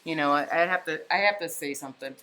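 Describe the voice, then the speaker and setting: A woman's voice: low voice, fast, bright, forceful tone. Woman host, live painting stream from home, chatty, thinks aloud, reads comments. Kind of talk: casual chat while painting live. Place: home, indoors.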